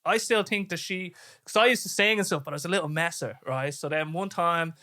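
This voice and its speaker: A young Irish man hosting a casual podcast chat, loud and animated, laughing often. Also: on the high side, a little fast. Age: young adult. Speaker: podcast host.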